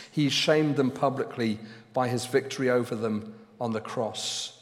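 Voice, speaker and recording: Slow, deliberate preacher in a reverberant hall. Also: male voice, medium pitch. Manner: slow and deliberate, with loud emphatic stresses. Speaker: pastor. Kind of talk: sermon.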